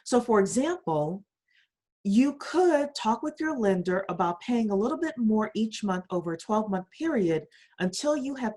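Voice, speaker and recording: A woman's voice: mid-range voice, darkish tone. A woman hosting a daily economic news podcast, reading stories with emphatic rhetorical questions. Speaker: podcast host.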